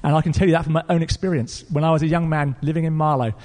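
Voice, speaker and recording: An Englishman preaching a sermon, telling a story in an earnest, animated way with fillers and restarts. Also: on the high side, rapid-fire. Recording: long reverb of a church hall.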